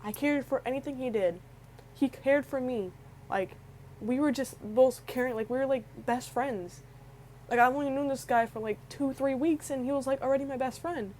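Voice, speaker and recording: Here a young woman tells an emotional story for her vlog, on the edge of tears, stumbling through many restarts and fillers. Her high-sitting voice moves at normal speed with a slightly mellow quality, and the rough recording carries faint background noise.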